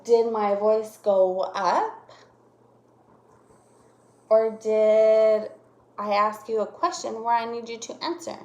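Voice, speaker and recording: Slow-talking woman teacher in an echoey room. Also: a little high, steady tone, a little mellow, dull audio. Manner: slow, exaggerated voice changes to demonstrate punctuation. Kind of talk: classroom lesson for young children.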